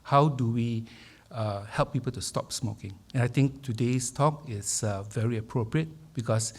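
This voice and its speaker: A man, hosting a public talk and introducing the speaker in measured, hesitant remarks with many fillers. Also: medium pitch, darkish tone. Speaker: event host introducing speaker. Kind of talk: formal opening remarks.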